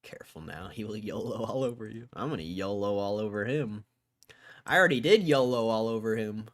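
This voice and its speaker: Low-voiced man thinking aloud on stream. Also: brisk, no echo, clean studio sound. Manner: thinks aloud, swears casually, mock rants. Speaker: stock market livestreamer. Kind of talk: casual live-stream commentary.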